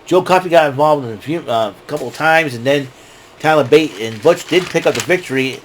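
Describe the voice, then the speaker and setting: A man hosting a casual wrestling recap, rambling and excitable, often restarting his sentences. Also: a little high, fairly quick, a little hiss or hum. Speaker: show host.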